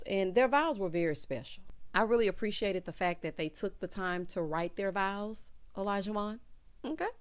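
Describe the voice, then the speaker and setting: A woman hosting a casual, sassy recap of a reality show, calling her viewers child and honey. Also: medium pitch.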